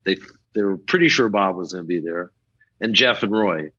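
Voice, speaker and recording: A man's voice: low-pitched, moderate pace, slightly rough, dry recording, highs cut off. An older man, a rock photographer, telling stories in a casual interview and acting out the people in them. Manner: animated, acts out the people in his stories.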